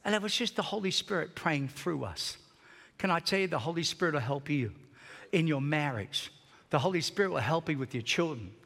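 A male pastor preaching a sermon in a large church, telling stories with passion, swinging between shouting and hushed tones. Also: fairly high pitch, lively intonation, fairly quick, vocal fry, long reverb tail.

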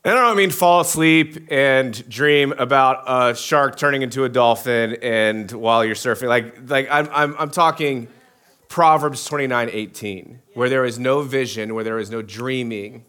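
A man's voice: mid-range voice, moderate pace, pushed and bright, clear, resonant tone. Joking preacher man, many restarts. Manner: casual, joking, many restarts, asks the crowd. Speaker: pastor. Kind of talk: sermon.

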